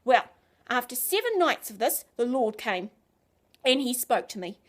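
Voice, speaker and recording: A woman telling a Christian story to children in an animated, expressive way, dropping to a hush and then rising loud. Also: on the high side, a little slow.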